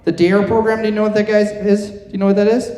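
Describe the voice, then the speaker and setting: A man's voice: high voice, level tone, quick pace, mellow. A middle-aged man doing a stand-up comedy set on a theater stage, telling self-deprecating stories and chatting with the crowd. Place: theater stage before a live audience. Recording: echoey theater with long reverb.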